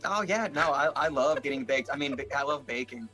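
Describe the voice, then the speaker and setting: A man's voice: mid-range voice, lively intonation, a little fast, bright, forceful tone, faint music behind. A man player in a tabletop game, easygoing and joking as he plays his character. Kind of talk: tabletop game chat and role-play.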